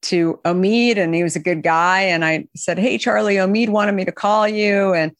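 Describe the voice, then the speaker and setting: A woman founder being interviewed, who tells long anecdotes full of fillers and restarts and raises her pitch when she quotes other people. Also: steady tone, moderate pace, no echo. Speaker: company founder, guest. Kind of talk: interview storytelling.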